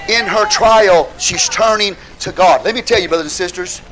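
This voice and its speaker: A man preaching a sermon with fervor, rising at times to shouts and calling out hallelujah to the congregation. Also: sits high, moderate pace, rough recording. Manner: calls out hallelujah, asks the congregation questions.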